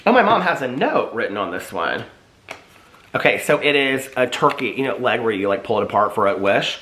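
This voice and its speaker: A man talks to his viewers in a lively, chatty way, his pitch rising and falling a lot. His voice is bright and forward. The room around him is echoey, with a faint hiss underneath. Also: a little fast. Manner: chatty, animated, asks viewers questions. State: out of breath. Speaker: vlogger showing old Christmas keepsakes. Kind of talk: casual chat to camera.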